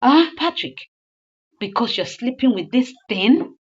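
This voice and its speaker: A woman voicing a furious betrayed wife who scolds her cheating husband in a high, loud, shrill voice. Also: animated, a little slow, husky, dull audio. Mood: scornful.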